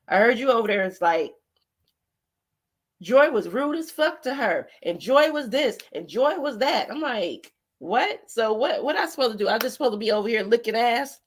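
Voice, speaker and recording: A woman hosting a livestream, ranting bluntly and profanely in a rambling way. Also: fairly high pitch. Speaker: host. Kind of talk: heated livestream commentary.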